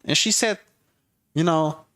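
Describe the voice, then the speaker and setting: A man's voice: on the high side, slow pace, fairly bright tone. A man hosting a casual comedic rant with dating advice, blunt and profane, who keeps driving his points home with "okay?". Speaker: host giving dating and relationship advice.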